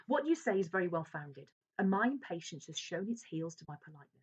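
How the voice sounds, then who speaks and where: A woman voicing a desperate, agitated man who forces himself to sound polite. Her voice is husky, and the recording sounds dull and lo-fi. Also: fairly low pitch, sing-song, fast talker. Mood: strained, urgent. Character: desperate agitated male stranger forcing politeness.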